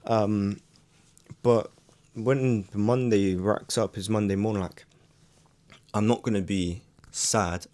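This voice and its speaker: A man's voice: on the low side, fairly even intonation, takes it slowly, pauses often, a little mellow. A young man in a casual, reflective vlog monologue, speaking earnestly with frequent "like" fillers and restarts. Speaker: YouTuber.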